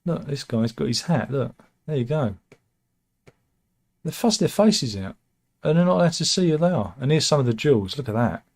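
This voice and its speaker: A man's voice: mid-range voice, big pitch swings, moderate pace, darkish tone. Uk guy chatting through the news, dry sarcastic quips, lots of restarts. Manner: wry, sarcastic asides with restarts. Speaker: host reading the news. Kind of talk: casual news chat.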